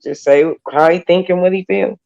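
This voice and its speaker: A woman's voice: on the low side, fairly even intonation, moderate pace, gravelly, mellow, muffled recording. Woman in her 40s telling a story in a group chat, acts out all the quotes. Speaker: panelist.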